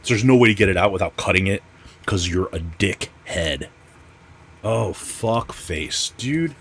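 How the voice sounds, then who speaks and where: A man's voice: low voice, lively intonation, unhurried, a bit bright, a little hiss or hum. A man hosting a casual comic book unboxing vlog, ranting with constant profanity and sarcasm. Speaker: comic channel host.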